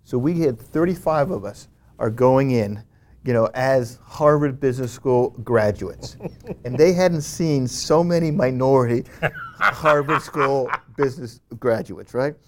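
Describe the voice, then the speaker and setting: A man's voice: medium pitch, unhurried, a little hiss or hum. A man as an interview guest, telling a story animatedly with many fillers and restarts. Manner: animated, frequent "you know" fillers and restarts. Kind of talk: conversational storytelling.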